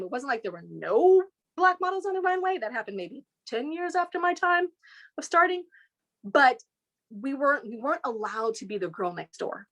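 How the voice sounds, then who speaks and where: Quick pitch jumps and lively voice impressions mark this Inglewood, California woman's animated storytelling as an interview guest.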